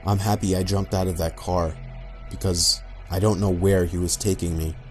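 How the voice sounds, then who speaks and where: A man narrating a scripted horror story in an even, matter-of-fact way. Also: deep voice, moderate pace. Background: faint background music.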